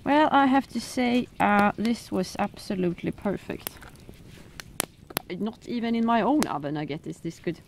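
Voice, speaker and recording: A woman's voice: medium pitch, animated, normal speed, vocal fry, background noise. A woman with a Swedish accent, chatting to viewers in a casual outdoor vlog while she cooks over a fire in winter, full of exclamations. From Sweden. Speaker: outdoor vlogger.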